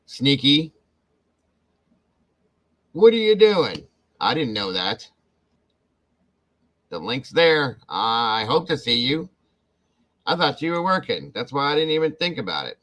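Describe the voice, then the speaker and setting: A man's voice: mid-range voice, big pitch swings, unhurried, pauses often, poor audio. A man hosting a casual livestream, greeting viewers by name and thanking them effusively. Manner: warm, effusive, calls out viewer names. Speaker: livestream host.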